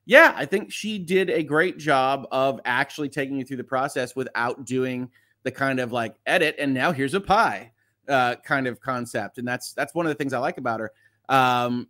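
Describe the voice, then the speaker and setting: A middle-aged man, a lawyer hosting a casual livestream, reading viewer comments aloud and chatting about them quickly. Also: mid-range voice, bright, forceful tone. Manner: fast-talking, chatty, reads comments aloud.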